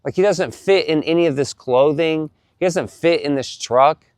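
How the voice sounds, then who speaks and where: A man casually telling a story to the camera, animated and profane, often repeating himself. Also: a little high, normal speed, no echo, studio quality.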